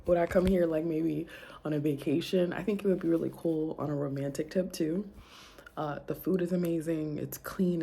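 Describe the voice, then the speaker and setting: A young woman talks to the camera in an easygoing travel vlog, her voice low, dark and mellow. She rambles, laughs often and corrects herself as she goes. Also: vocal fry, breathy edge. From New Orleans, USA. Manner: chatty and rambling, with frequent laughs and self-corrections. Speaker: flight attendant vlogger.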